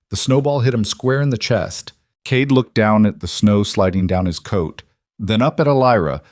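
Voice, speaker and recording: A man reading a western story aloud in a measured, scripted narration. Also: on the low side, a little mellow, dry recording, studio quality.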